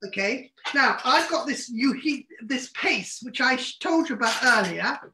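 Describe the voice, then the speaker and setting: Brief: woman chef, high bright voice, bubbly and instructive, echoey kitchen on a video call. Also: expressive, measured pace. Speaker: chef and co-host. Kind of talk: live cooking demonstration over video call. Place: home kitchen.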